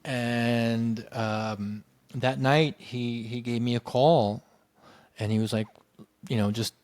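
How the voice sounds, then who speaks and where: A man recounting a personal story in a loose, conversational way. He keeps restarting his sentences and leans on "you know". He brings the story to life by jumping up in pitch to act out what other people said. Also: takes it slowly. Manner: animated, acts out quoted voices with big pitch jumps. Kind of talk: casual anecdotal storytelling.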